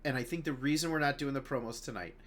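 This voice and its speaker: A male podcast host in casual conversation with guests. His voice sits at an ordinary middle pitch. He talks in a loose, chatty way, laughs easily, and sometimes drops to a quieter murmur. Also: fast talker. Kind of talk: casual chat.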